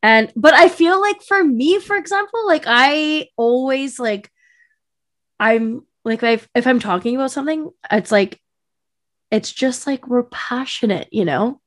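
Rambling higher-voiced woman co-host. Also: lively intonation, a little slow, fairly bright tone. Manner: passionate, rambling, many fillers. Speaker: podcast co-host. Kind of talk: casual chat.

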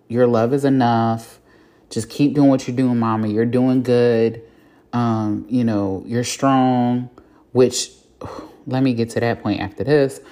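A woman's voice: very deep voice, warm tone. A woman hosting a solo podcast, talking frankly and reflectively with casual swearing and plenty of fillers. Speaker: podcast host. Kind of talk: candid solo podcast monologue.

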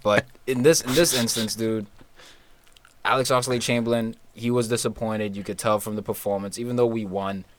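Low-voiced, excitable man co-hosting. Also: brisk, slight background noise. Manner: excitable, sarcastic, swears freely. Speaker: podcast co-host. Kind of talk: casual chat.

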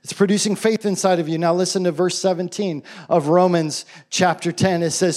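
High-voiced man preaching casually. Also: fairly even intonation, fairly quick, few pauses, darkish tone. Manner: casual, enthusiastic preaching with asides and restarts. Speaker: pastor. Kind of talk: sermon.

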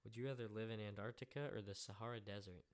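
A young man cracking crude jokes in an easygoing chat, his voice on the low side. He swears freely and keeps the tone teasing. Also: fairly even intonation, fast. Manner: joking, crude, profane. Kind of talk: casual chat.

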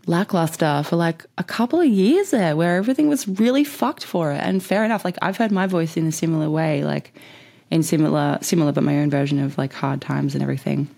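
A young woman hosting a podcast, telling a story in a chatty, excitable way, full of fillers and casual swearing. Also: low voice, vocal fry. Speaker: podcast host and Reiki practitioner.

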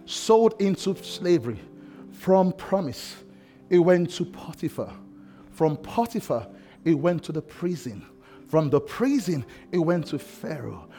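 A man preaching a sermon with passion, swinging between shouted lines and hushed, quiet ones. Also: high-pitched. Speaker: pastor.

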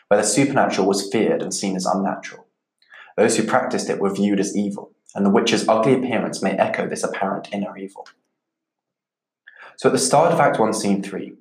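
A man teaching a literature lesson, measured and explanatory, going back over key points. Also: fairly low pitch. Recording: echoey room.

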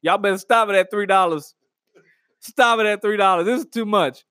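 A man riffing through a casual comedic monologue, animated and rambling, laughing at his own jokes. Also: high voice, moderate pace, no echo, studio quality. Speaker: comedic vlogger.

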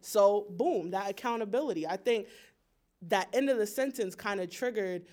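A man's voice: high-pitched, moderate pace, a little mellow. A young man speaking in a casual group discussion, emphatic and slangy, sharing his view animatedly.

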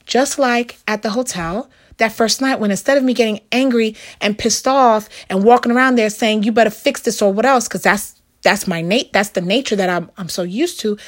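A middle-aged woman with a fairly high voice gives a casual Christian devotional talk. She is animated and conversational, full of filler words and little acted-out quotes.

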